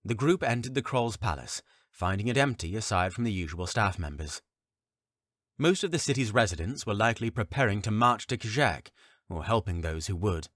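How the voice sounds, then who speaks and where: A man narrating a fantasy audiobook in a calm, even, deliberate reading style at a close mic. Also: on the low side, no room sound.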